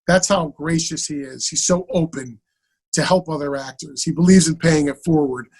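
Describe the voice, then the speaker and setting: A man, an actor guest on an interview, telling stories in an animated, casual way and acting out the dialogue. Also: on the high side, moderate pace, breathy edge. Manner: animated, acts out quoted dialogue.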